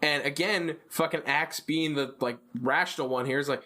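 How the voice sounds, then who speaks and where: A man co-hosting a casual podcast, recapping a TV episode in a profane, animated way and acting out the characters' quotes. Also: fairly high pitch, a little fast, few pauses. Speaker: podcast co-host.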